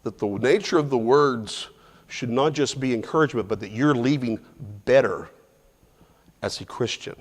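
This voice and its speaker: A man's voice: medium pitch, normal speed. A man teaching a Bible class verse by verse in a loose, conversational way, restarting phrases and putting questions to the class. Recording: long reverb from a large hall.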